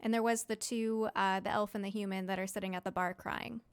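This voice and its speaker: A woman's voice: medium pitch, steady tone, fairly quick, smooth. A woman narrating a tabletop game as dungeon master, casual and laughing often.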